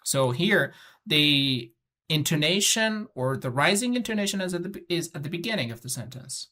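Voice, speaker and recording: Teacher, middle pitch, patient and repetitive, explains step by step with frequent fillers. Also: animated, moderate pace, sharp tone. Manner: instructive, gives spoken examples. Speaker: English test-prep teacher. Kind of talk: explaining lesson to students.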